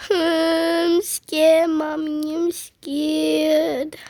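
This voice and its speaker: A woman's voice: high-pitched, level tone, drawn-out words, creaky, darkish tone, dry recording, voice pushed up, full character voice. A woman voicing a frightened little child in a toy role-play, whiny and pleading.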